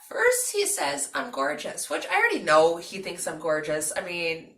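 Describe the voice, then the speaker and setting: A young woman chatting casually to her vlog audience, animated and talkative with lots of fillers. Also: on the low side, normal speed, vocal fry, few pauses, echoey room. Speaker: vlogger.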